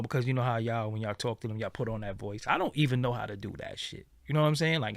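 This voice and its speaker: A man's voice: medium pitch, fast, gravelly, hardly any pauses, no room sound, studio quality. A man hosting his own show, talking blunt and profane in a casual commentary monologue. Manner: blunt, profane, animated storytelling. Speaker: show host.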